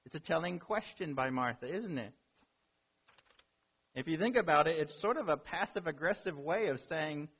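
A man's voice: a little high, lively intonation, moderate pace, a bit bright, slightly rough. A man preaching a sermon as a pastor, earnest, with rhetorical questions and building emphasis.

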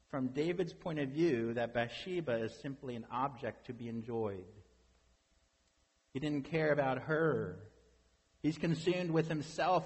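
A man's voice: on the high side, breathy edge, long reverb tail. A man preaching a sermon as pastor, conversational and full of rhetorical questions.

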